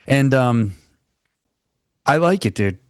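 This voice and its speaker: A man co-hosting a casual music podcast, talking in loose, halting phrases packed with "like". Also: medium pitch, lively intonation, smooth, no echo. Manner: loose, halting, says "like" often. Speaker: podcast co-host.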